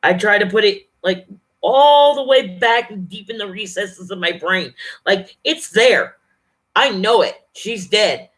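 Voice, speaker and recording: At home, a livestreaming vlogger with a bright, forceful voice of ordinary pitch rambles straight into a camera or webcam. The unscripted chat is loose, full of restarts and blunt swearing, aimed directly at viewers.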